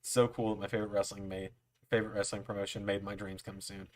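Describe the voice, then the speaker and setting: A man's voice: lowish voice, little pitch movement, quick pace. A man hosting a livestream, telling a long story to his chat in a casual way, with frequent fillers and "I'm like" asides. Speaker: livestream host.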